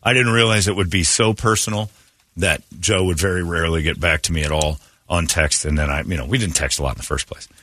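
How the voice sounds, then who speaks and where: A man's voice: deep voice, steady tone, fast, sharp tone, a little hiss or hum. A man hosting a morning radio show, rambling through blunt, opinionated stories in casual chat from a studio mic.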